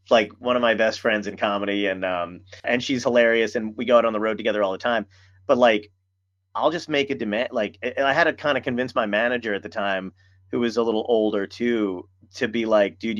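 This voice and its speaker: A man hosting a podcast, telling stories in casual chat, animated and swearing freely. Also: on the low side, a little fast, dull audio. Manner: animated storyteller, swears a lot. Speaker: podcast host.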